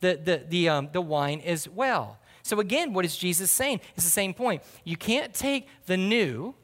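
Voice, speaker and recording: High-voiced man preaching in a reverberant hall. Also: lively intonation, measured pace, fairly bright tone. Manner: folksy storytelling, calls to the congregation. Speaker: pastor. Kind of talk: sermon.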